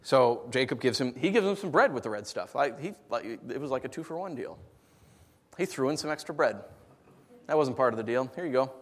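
A man's voice: medium pitch, a little fast. A man preaching a sermon, telling stories playfully with big swings in his voice. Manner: animated, playful storytelling with big vocal swings. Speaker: pastor. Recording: long reverb of a large hall.

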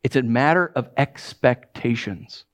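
A male pastor preaching a sermon in a lively, joking way, often putting on voices for quotes. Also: measured pace. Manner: animated, acts out quotes in high voices, jokes with congregation.

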